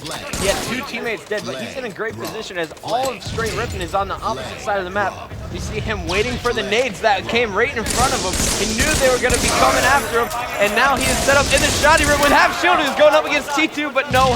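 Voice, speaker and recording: High-voiced excited male game commentator. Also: over loud music. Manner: rapid excited play-by-play calls. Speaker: esports play-by-play commentator.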